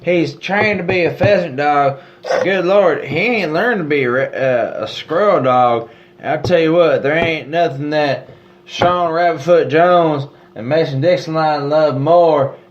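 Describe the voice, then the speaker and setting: A man's voice: on the high side, unhurried. A man riffs on a comedy podcast in a joking, boastful good-ol'-boy manner. He rambles from one tall claim to the next. The recording sounds slightly muffled, with a faint hiss behind it. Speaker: podcast co-host.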